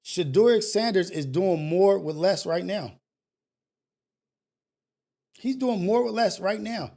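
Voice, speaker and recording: A man with a high, slow, gravelly, mellow voice hosts a call-in talk show. He rants bluntly and emphatically, using slang, profanity, and a lot of repetition in a casual, motivational style.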